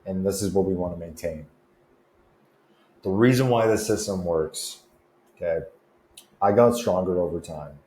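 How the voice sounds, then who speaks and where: A man's voice: low-pitched, measured pace, pauses often, warm tone. A young man coaching fitness and confidence in a laid-back, slangy, chatty way. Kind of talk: casual advice vlog. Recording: roomy echo with faint noise.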